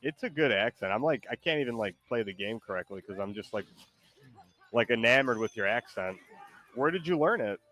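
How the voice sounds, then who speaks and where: A man's voice: mid-range voice, lively intonation, fairly quick, fairly bright tone, dry recording. A man streaming a game and chatting casually, rambling with lots of likes and false starts. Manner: rambling, full of likes and restarts. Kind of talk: casual chat while gaming.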